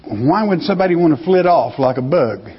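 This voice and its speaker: A man's voice: on the high side, animated, brisk, husky. Man, bible teacher, emphatic, rhetorical questions, echoing hall. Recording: dull lo-fi recording in a reverberant hall.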